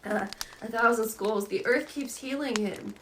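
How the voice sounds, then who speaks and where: A woman's voice: on the high side, measured pace, a little hiss or hum, close to an everyday voice, rough recording. A woman doing a delirious, terrified teenage boy. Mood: frantic. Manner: frantic, pleading cries.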